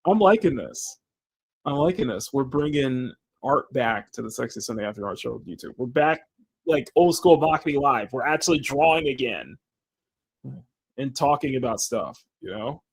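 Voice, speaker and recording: A man's voice: medium pitch, animated, moderate pace, husky, no room sound. A man hosting a casual livestream while he draws, rambling and restarting his sentences, with frequent laughter. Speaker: livestream host.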